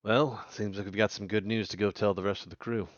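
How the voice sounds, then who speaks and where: Very deep-voiced man, dull lo-fi mic. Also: no room sound. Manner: calm, measured reasoning. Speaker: player. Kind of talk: playing a tabletop role-playing game.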